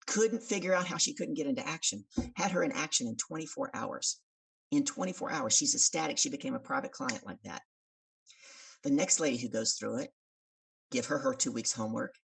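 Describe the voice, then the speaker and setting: A woman with a very low, gravelly voice, telling a story with lively swings of pitch and acting out the voices in it. She sounds husky and set back from the microphone. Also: recorded from a distance. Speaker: podcast guest, business coach. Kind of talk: animated storytelling in conversation.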